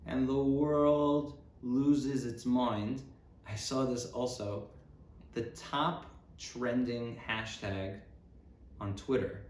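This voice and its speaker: Rambling sarcastic man, roomy sound. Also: lowish voice. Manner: rambling, sarcastic, self-interrupting. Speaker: podcast host. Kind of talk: casual comedic monologue. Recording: roomy with faint background noise.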